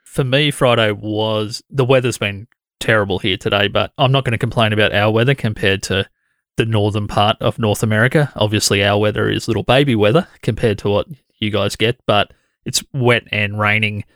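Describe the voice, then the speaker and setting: A man's voice: fairly low pitch, fairly even intonation, moderate pace, fairly bright tone, dry recording, studio quality. Chatty Australian male podcast host. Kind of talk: casual conversational interview.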